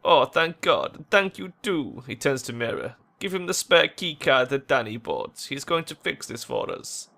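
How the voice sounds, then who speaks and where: A man's voice: mid-range voice, huge pitch swings, moderate pace, gravelly, hardly any pauses, sharp tone, full character voice. A man reading game dialogue aloud, voicing a blunt, anxious young man in a plain voice.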